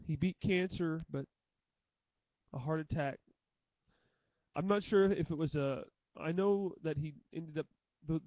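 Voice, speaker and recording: A young man talking to the camera in an emotional tribute monologue, halting and often repeating himself. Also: a little high, dry recording, highs cut off. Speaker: vlogger.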